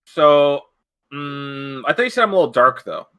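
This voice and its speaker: A man's voice: a little high, animated, moderate pace, smooth, muffled recording. A man chatting casually with his tabletop group over a voice call, teasing and laughing a lot. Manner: teasing, laughs often, repeats himself. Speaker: tabletop game player. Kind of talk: casual voice-chat banter.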